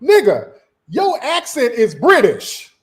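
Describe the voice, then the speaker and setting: A man's voice: very high-pitched, wildly swooping pitch, slow pace. A man, mocking brashly in a played clip, swearing freely. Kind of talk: heated commentary clip.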